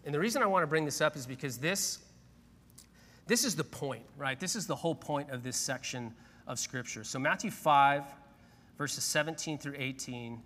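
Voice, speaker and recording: A man's voice: mid-range voice, sharp tone. A middle-aged man, a pastor, telling a personal story in a conversational sermon, with frequent asides to the congregation. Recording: long hall reverb.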